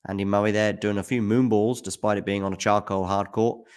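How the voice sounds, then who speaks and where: A man giving casual live tennis commentary on a stream, chatting with viewers by name and getting loud at big points. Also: lowish voice, little pitch movement, a little fast, smooth. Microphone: handheld mic at times.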